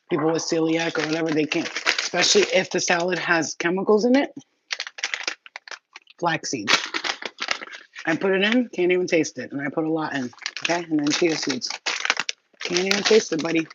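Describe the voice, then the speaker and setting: A woman chatting casually on a livestream, rambling, swearing freely and laughing often. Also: low-pitched. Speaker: livestream host. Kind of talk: casual live-stream chat. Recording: muffled lo-fi audio with loud background noise.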